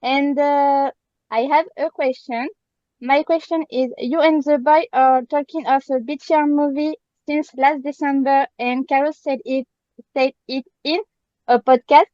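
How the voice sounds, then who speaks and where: A woman with a French accent, a fan speaking in halting, apologetic English as she searches for words on a video call. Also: high voice, fairly even intonation, warm tone, no echo, lo-fi sound. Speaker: fan asking a question. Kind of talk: casual chat.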